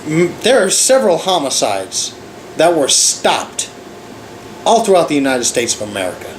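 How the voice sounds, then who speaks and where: A man's voice: fairly high pitch, sing-song, moderate pace, roomy sound, slight background noise, low-quality recording. A man ranting in a sarcastic, profane commentary as a vlogger.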